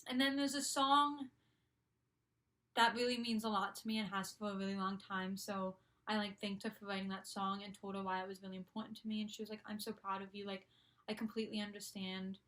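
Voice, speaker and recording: A woman's voice: mid-range voice, flat delivery, a little fast, a bit bright. A young woman in her college years telling a story casually, gushing and full of "like" and "um" fillers. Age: young adult. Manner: gushing, filler-heavy, constant "like". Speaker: vlogger.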